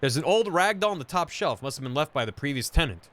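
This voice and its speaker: A male streamer reads a video game's narration aloud as he plays, stopping now and then for casual asides. His voice is slightly high and lively in pitch, with a bright, forceful tone and a fast delivery.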